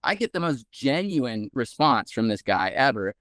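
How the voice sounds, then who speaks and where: A man, a guest researcher, telling a story in a casual, animated way with many "like"s. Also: medium pitch, moderate pace, no room sound, clean studio sound. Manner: animated, heavy use of "like".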